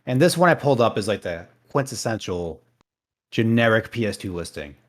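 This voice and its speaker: Young male co-host, low voice, relaxed rambling chat with casual swearing. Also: fairly quick. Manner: laid-back, swears casually. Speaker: podcast co-host.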